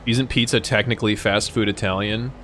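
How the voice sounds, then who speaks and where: A man's voice: on the low side, steady tone, a little fast, a bit bright, slight background noise. A young man chatting casually and profanely with his live-stream chat, rambling and joking. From United States.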